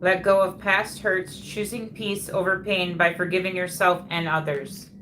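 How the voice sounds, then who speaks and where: A woman's voice: lowish voice, level tone, unhurried, a bit bright, a little hiss or hum. A woman hosting a live psychic reading stream, relaying messages and repeating phrases as they come through.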